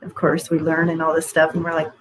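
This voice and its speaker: Lowish-voiced woman giving spiritual readings. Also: monotone, brisk, a little hiss or hum, poor audio. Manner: rambling, restarts, casual swearing. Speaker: spiritual healer giving channeled messages. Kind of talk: casual spiritual reading on a group call.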